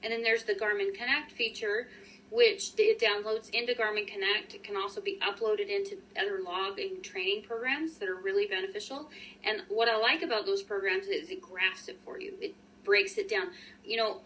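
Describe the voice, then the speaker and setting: An upbeat woman in her forties talks to her viewers as a running coach, loose and chatty with plenty of ums. Her voice is bright and forceful. She sits a little back from the mic, and faint noise runs underneath. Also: medium pitch, moderate pace, far from the mic, poor audio. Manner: chatty and upbeat, many fillers and restarts. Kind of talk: casual live-stream talk to viewers.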